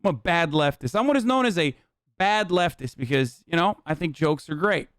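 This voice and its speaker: A man hosting a stream, reacting in casual commentary, animated and profane, often laughing. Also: on the high side, normal speed, no echo, studio quality. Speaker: streamer host.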